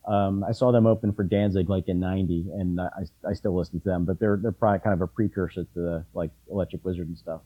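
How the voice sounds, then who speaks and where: A middle-aged man chatting casually about concerts, often halting and restarting his sentences with ums. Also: sits low, steady tone, husky, phone-quality sound. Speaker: punk fan in conversation. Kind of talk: casual chat.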